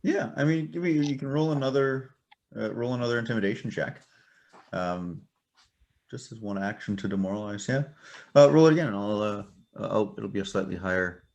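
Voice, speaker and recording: A man's voice: on the low side, fairly quick, vocal fry, a little mellow, muffled recording. A man running a tabletop game as game master, hesitant and full of fillers.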